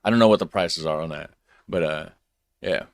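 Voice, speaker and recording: A man's voice: deep voice, fairly quick, no room sound. An American man hosting a reaction video, rambling in a laid-back, chuckling way. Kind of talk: casual commentary.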